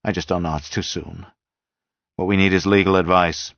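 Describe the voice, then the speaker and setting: Male narrator plays a clipped, businesslike leader in an audiobook, low voice; dull, dry recording. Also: fairly even intonation, normal speed, vocal fry, fairly bright tone, dry recording. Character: brisk take-charge man leading a group.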